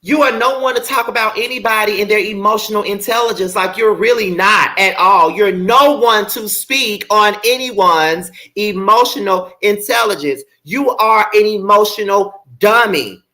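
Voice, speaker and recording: A man's voice: high voice, normal speed, few pauses, bright, forceful tone. A man hosting a commentary vlog, talking bluntly and profanely in a ranting, heated way. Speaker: commentary channel host.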